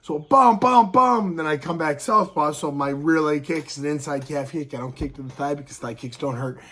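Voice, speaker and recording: A man's voice: on the high side, little pitch movement, fairly quick, sharp tone. A man in his thirties with a scratchy throat, casually telling fight stories to camera and punctuating them with sound effects. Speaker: show host and pro fighter.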